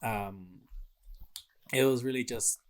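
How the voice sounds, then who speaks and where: A young man co-hosting a podcast, excitedly retelling a video game's plot in casual chat and swearing freely. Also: mid-range voice, slow, a little hiss or hum. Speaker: podcast co-host.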